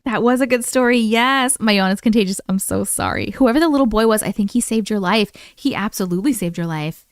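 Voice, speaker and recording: A young adult woman hosting a live stream, reading viewer stories aloud in an expressive way and acting out the quoted voices. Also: medium pitch, a little fast, dry recording, clean studio sound.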